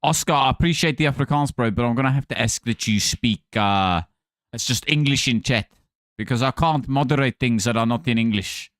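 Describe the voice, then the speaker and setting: Male streamer, casual live chat, smooth clear voice, dry close sound, playful, reads out viewer names. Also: medium pitch, a little fast, fairly bright tone, dry recording. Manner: chatty, thanks viewers by name, playful.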